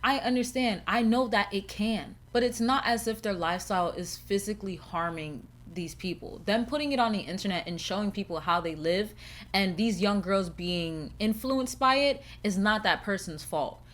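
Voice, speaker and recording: A woman's voice: mid-range voice, moderate pace. Frank, profane young woman podcast host. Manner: blunt, profane and candid; animated, with laughs and shifting emphasis. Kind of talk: casual solo podcast chat.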